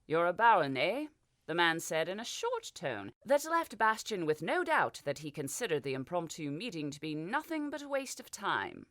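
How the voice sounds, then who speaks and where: A woman's voice: on the low side, big pitch swings, normal speed, few pauses, a bit bright, no room sound, studio quality. A woman reading a fantasy audiobook as narrator, giving the characters small voice shifts. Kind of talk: scripted narration.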